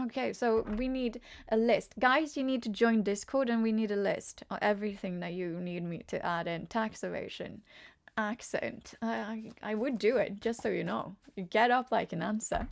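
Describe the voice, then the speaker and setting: A woman's voice: medium pitch, moderate pace, creaky. A chatty woman from Norway with a Norwegian accent, giving a casual live-stream tarot reading and often laughing while she answers chat comments. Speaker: tarot reader.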